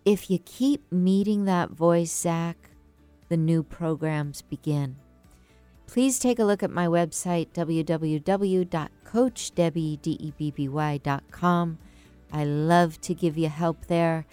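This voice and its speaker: A woman in her fifties hosts a talk radio advice show, speaking slowly and gently in a low, smooth voice. She sounds earnest as she acts out the inner voices she describes. The sound is dry and close, with faint music behind her. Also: no echo. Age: 50s. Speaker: radio show host and life coach.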